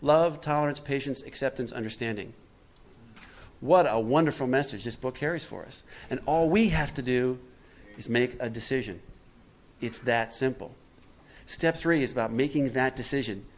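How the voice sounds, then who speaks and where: Man preaching a recovery workshop. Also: normal speed. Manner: preachy, asks the room questions and answers them; acts out quotes with animated swings in pitch and volume. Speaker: workshop speaker.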